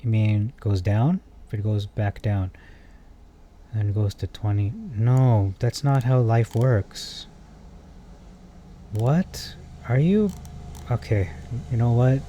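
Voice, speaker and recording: A man with a low, mellow voice hosts a casual stock commentary. He thinks aloud with plenty of fillers and lets out exasperated, animated asides as he reads viewer comments. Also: slow, pauses often, slight background noise. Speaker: stock market video host. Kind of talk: casual commentary reading chat.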